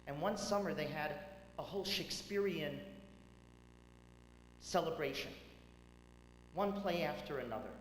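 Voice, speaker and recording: A man, a rabbi, giving a tribute speech at a banquet, telling stories with dramatic swings between loud and hushed delivery. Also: on the high side, expressive, a little slow, pauses often. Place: large banquet hall. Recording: echoey hall with faint hum.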